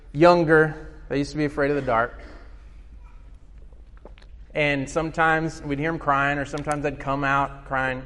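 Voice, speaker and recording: A man's voice: on the high side, a bit bright, long reverb tail. A man preaching a sermon as pastor, earnest and explanatory, asking the congregation questions.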